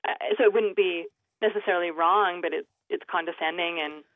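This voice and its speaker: Her pitch sits fairly low and she talks a little fast. As a guest grammar expert on a call-in radio program, she explains usage in a chatty manner, dropping plenty of "you know" fillers and laughing readily, all heard over a narrow phone line from her phone.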